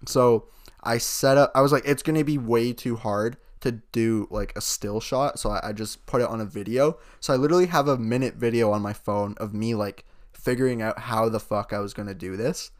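A young man in his late teens with a mid-range voice talks a little fast as co-host of a casual podcast. He rambles through stories, laughs often, and swears freely.

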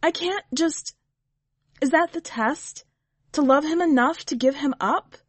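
A woman's voice: high voice, big pitch swings, a little slow, no room sound, voice pushed up, exaggerated voice. A woman voicing an earnest, anxious young woman on a quest for her beastly husband, in a storybook reading. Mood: pleading. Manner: anxious, pleading.

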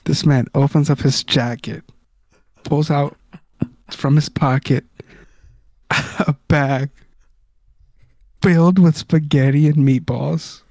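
Young SoCal man, podcast co-host, laid-back wry storyteller, gravelly, dry sound. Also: on the high side, fairly even intonation, slow pace, pauses often, darkish tone, no room sound. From Southern California. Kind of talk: casual chat.

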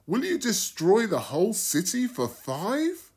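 A man's voice: sits high, huge pitch swings, measured pace, a little mellow, breathy edge, pitched above the performer's own voice, exaggerated voice. A man voicing a humble old patriarch who earnestly pleads with rising, imploring questions. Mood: pleading.

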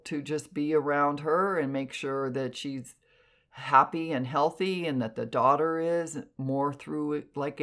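A woman clairvoyant telling stories in an animated, expressive way. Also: gravelly. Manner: animated, expressive, jumps in pitch for emphasis. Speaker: clairvoyant podcast guest. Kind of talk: casual storytelling.

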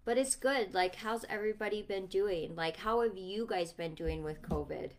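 A woman's voice: medium pitch, normal speed. A mother chatting casually to her viewers on a livestream, rambling and affectionate.

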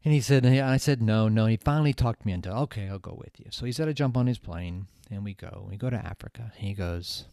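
A man in the middle of his vocal range gives a motivational podcast talk. He tells stories with a lot of energy, repeats phrases for emphasis and drops to hushed asides. The sound is dry and close, with no room echo. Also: medium pitch, quick pace, gravelly, few pauses. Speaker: podcast host.

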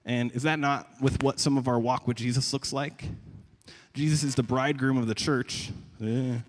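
Young guy pastor preaching, chatty and lively, repeats himself, big echoey church hall. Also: medium pitch, normal speed. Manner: conversational, animated, stumbles and repeats words. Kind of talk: sermon. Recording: long reverb of a large hall.

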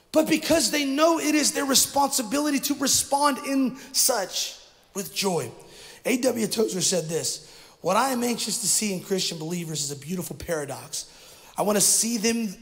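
A middle-aged male pastor delivering an energetic sermon and calling on the congregation to repeat words after him. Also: high voice. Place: church sanctuary. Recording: long hall reverb from a church.

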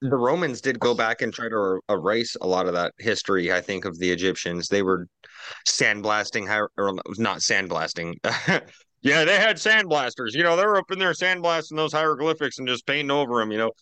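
A man's voice: medium pitch, animated, brisk, bright, forceful tone, clean tone, no echo. A man on a casual roundtable podcast, ranting profanely and animatedly while drinking.

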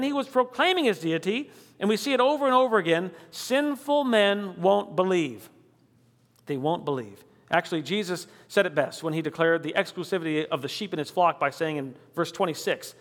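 High-voiced preacher in a reverberant hall. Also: male voice, expressive. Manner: emphatic preaching, rising on key declarations, dropping low and slow for scripture. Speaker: pastor. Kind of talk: sermon.

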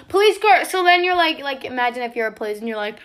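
Brief: upbeat young woman co-host, high voice, casual chatty delivery. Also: animated, fast talker, fairly bright tone. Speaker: podcast co-host. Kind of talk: casual chat.

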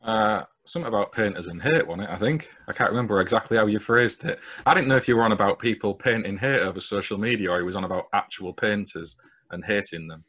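A man co-hosts a casual podcast and teases his partner in an easygoing way. His voice sits a little low. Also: fast talker. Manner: easygoing, gently teasing. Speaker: podcast co-host.

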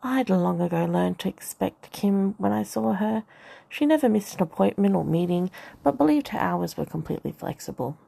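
A woman's voice: mid-range voice, lively intonation, normal speed, creaky, mellow, slightly rough. A woman narrating a first-person novel aloud with wry, dry humour. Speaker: audiobook narrator.

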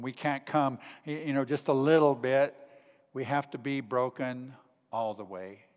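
A male pastor delivering a sermon with earnest conviction. His voice rises to stress key points and then falls to a near-hush. A long reverb trails his words, as in a large hall. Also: mid-range voice. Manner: earnest, rises in emphasis then drops to hushed tones.

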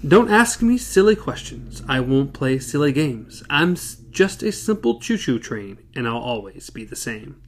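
A man doing a small, gruff steam train. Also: mid-range voice, sing-song, a little slow, few pauses. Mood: sing-song.

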